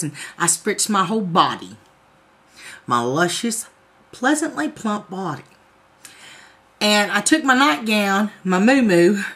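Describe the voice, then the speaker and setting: A woman's voice: medium pitch, a bit bright. A woman, telling a profane, comic story to her viewers in a casual vlog. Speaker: vlogger.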